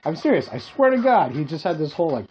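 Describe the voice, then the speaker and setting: A man's voice: fairly high pitch, big pitch swings, fast. A man from Hawaii co-hosting a podcast, telling rambling comic stories in casual chat and laughing at his own jokes. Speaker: podcast co-host. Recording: dull lo-fi podcast audio with faint music.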